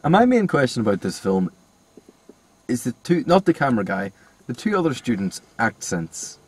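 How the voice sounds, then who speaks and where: A man's voice: mid-range voice, sing-song, moderate pace, breathy edge, dry recording. A man in a casual film review chat, exasperated and sweary. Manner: exasperated, sweary, mocks accents.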